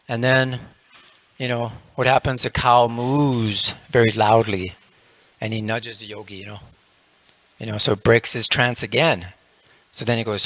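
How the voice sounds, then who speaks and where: A man's voice: medium pitch, fairly even intonation, a little slow, fairly bright tone, no room sound. A man leading a religious class, telling a parable casually, with frequent "you know" fillers. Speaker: lecturer in a temple class.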